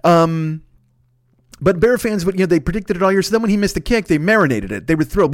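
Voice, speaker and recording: A man in his fifties, a podcast host rambling through a profane, animated casual monologue. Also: on the high side, fast, no echo, studio quality. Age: 50s.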